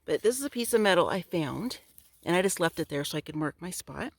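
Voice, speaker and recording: Excitable woman vlogging outdoors on her phone. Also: fairly low pitch, brisk, slight background noise. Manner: excitable, gushing exclamations. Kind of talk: casual vlog while digging outdoors. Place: outdoors in bright sun. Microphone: phone held in one hand.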